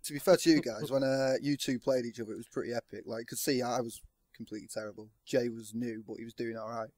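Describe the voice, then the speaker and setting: A man's voice: medium pitch, fairly even intonation, fast talker, darkish tone, dry recording. A man, a listener who is a guest on a podcast, chatting casually in a rambling, self-deprecating way. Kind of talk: casual chat.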